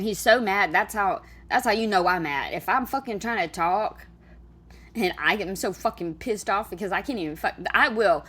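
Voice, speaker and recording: A woman's voice: medium pitch, moderate pace, background noise. A woman chatting casually as she reacts to a video clip, exclaiming and laughing between remarks.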